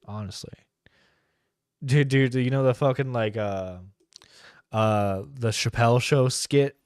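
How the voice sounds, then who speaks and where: A man's voice: mid-range voice, a little slow, smooth, dry recording. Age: adult. Sex: man. Role: internet radio host. Style: casual live-stream commentary, profane and rambling, dry close mic.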